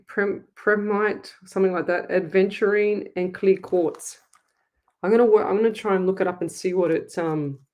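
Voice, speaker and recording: A woman's voice: mid-range voice, darkish tone, rough recording. A woman from Australia hosting a casual livestream from her home office, chatting in a gushing way with many restarts. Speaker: psychic medium, livestream host. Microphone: webcam.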